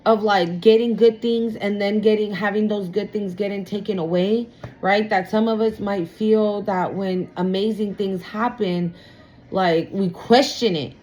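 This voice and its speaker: A woman's voice: mid-range voice, fairly even intonation, unhurried, darkish tone, poor audio. A woman giving a casual tarot reading to her viewers, blunt and emphatic, swearing freely and calling them y'all. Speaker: tarot reader.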